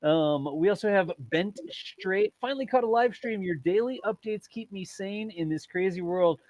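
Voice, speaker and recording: A man's voice: high-pitched, moderate pace, darkish tone, no room sound, highs cut off. A man hosting a casual livestream, reading viewer messages aloud with lots of laughter. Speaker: livestream host.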